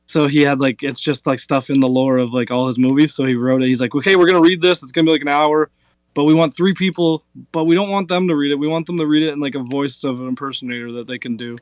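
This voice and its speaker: A man with a slightly raised pitch tells stories on a casual podcast. He rambles and fills his sentences with filler words. The sound is dry and close. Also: steady tone, fast talker, clear, resonant tone, no room sound. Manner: rambling storyteller, many "like" fillers. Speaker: podcast host. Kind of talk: casual chat.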